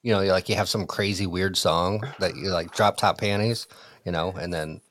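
A man's voice: sits low, steady tone, normal speed, a bit bright. A man hosting an interview show, chatty and joking, trying silly impressions. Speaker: host. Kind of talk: casual interview chat.

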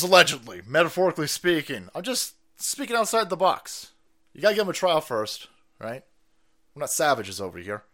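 Animated, foul-mouthed male livestream ranter. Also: on the high side, fairly quick. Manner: profane and combative, laughs often. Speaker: livestream host. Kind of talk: political livestream rant.

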